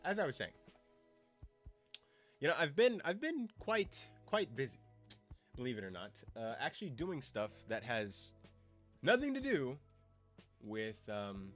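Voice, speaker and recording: A young man hosts a live stream in a loose, rambling way, full of fillers. His voice swings widely, jumping from loud calls to low mumbled asides. Soft lo-fi music plays faintly behind him. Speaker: streamer hosting a watch party. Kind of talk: casual live-stream chat.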